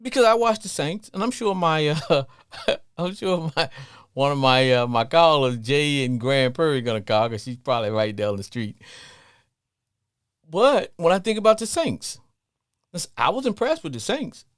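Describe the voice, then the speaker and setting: Southern man, Louisiana accent, sports call-in host, lively swooping pitch, dry close sound. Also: normal speed, clear, resonant tone, no echo. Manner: animated, sing-song, laughs often. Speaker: radio talk show host.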